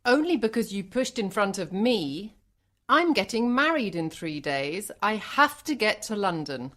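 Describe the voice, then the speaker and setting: A man's voice: very high voice, lively intonation, very slow, a little mellow, pitched above the performer's own voice, full character voice. A man reading a story aloud, voicing an indignant young woman in her late twenties who speaks insistently.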